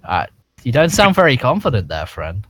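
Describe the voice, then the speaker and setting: A young man playing a tabletop game, playful and teasing, sometimes jumping into a high put-on voice. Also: wildly swooping pitch, normal speed, fairly bright tone, no echo. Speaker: player. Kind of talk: casual tabletop role-play.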